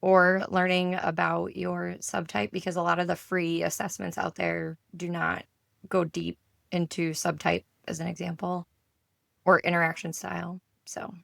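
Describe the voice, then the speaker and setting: A woman co-hosting a podcast in casual chat, her voice hoarse, telling stories and acting out the dialogue. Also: lowish voice, little pitch movement, normal speed, a bit bright, dry recording, clean studio sound. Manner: storytelling, acts out quoted dialogue. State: hoarse from yelling. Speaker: podcast co-host and enneagram coach.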